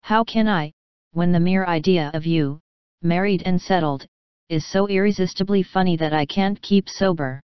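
A woman's voice: on the low side, clear, resonant tone, dry recording, muffled recording, lightly acted. A woman doing a frank, teasing young woman. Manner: brisk, affectionate teasing.

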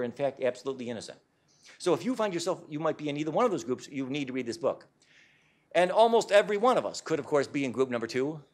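A man giving a public talk to a live audience in a hall, speaking in an emphatic, insistent way. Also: a little high.

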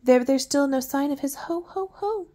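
An older woman reading a picture book aloud at bedtime, with soft, coaxing asides to a child. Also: high-pitched, normal speed. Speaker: storyteller.

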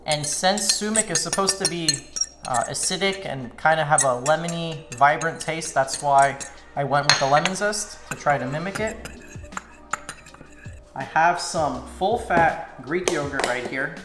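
A man from Slovakia hosting a cooking channel, talking viewers through a recipe step by step in a relaxed, casual way in a home kitchen. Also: fairly high pitch, unhurried. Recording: echoey kitchen with music bed. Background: background music, clinking dishes.

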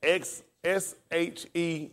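A man's voice: on the high side, fairly even intonation, very slow. A man pastor preaching and teaching scripture, calling out questions to his congregation and spelling words aloud.

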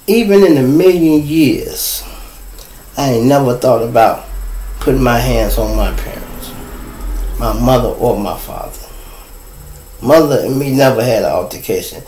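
A man's voice: medium pitch, measured pace, pauses often, dark tone, roomy sound, a little hiss or hum, low-quality recording. Blunt, profane Chicago man ranting live. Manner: blunt and profane, talking straight to viewers. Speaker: live stream host. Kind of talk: casual live stream rant.

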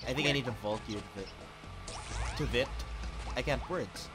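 A woman hosting a casual let's-play, excitable and giggly, exclaiming often as she plays. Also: extremely low pitch, normal speed. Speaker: host. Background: game music.

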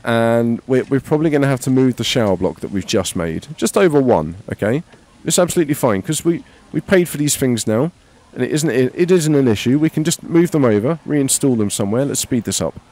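Lively, swearing gamer. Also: male voice, medium pitch, fairly quick, few pauses. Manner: rambling, joking, swears freely. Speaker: gaming channel host. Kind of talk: casual let's play commentary.

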